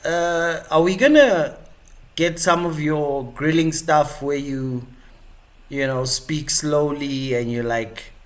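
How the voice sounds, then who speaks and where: A man's voice: fairly high pitch, slow. A male live-stream host giving chatty, rambling commentary with many fillers and restarts.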